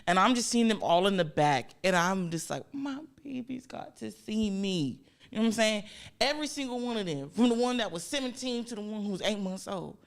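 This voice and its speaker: A woman athlete guest telling animated, playful stories in casual chat, full of laughs and dramatic retellings. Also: medium pitch, fast.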